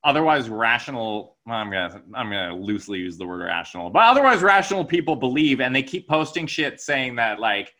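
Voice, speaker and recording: A man hosting a podcast, talking casually in an animated, swearing, emphatic way. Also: mid-range voice, brisk, few pauses. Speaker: podcast host. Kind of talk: casual chat.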